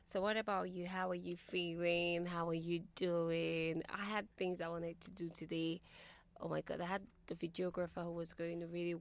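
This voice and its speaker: A young adult woman, hosting a radio call-in show and earnestly encouraging her listeners. She moves between soft near-whispers and louder pleading. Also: lowish voice, level tone, moderate pace. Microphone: studio microphone.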